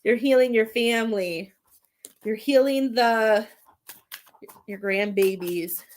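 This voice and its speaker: Woman, tarot reader and medium, somewhat high voice, talkative and heartfelt, laughs a lot, gets emotional. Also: slow. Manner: chatty, warm-hearted, laughs often between thoughts; emotional, near tears at times. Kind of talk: live tarot reading.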